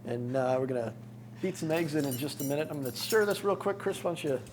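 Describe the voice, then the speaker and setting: An easygoing man with a slightly high voice co-hosts a cooking demonstration in a studio kitchen. He talks plainly through what he is mixing, with faint noise in the background. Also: expressive, fast, a little mellow. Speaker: cooking show co-host.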